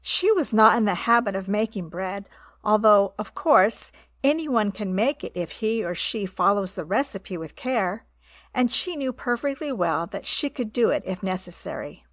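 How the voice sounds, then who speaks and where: A woman's voice: medium pitch, normal speed, no echo. Woman reading a children's story. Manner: gentle, expressive reading with voiced animal parts.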